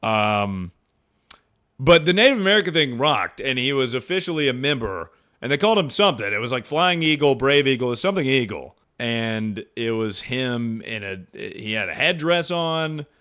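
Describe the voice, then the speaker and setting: A young man streaming, rambling and joking with lots of swearing and quick impressions. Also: medium pitch, lively intonation, a bit bright, clear, resonant tone. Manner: rambling, profane, jokey, often slips into impressions. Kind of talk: casual livestream commentary.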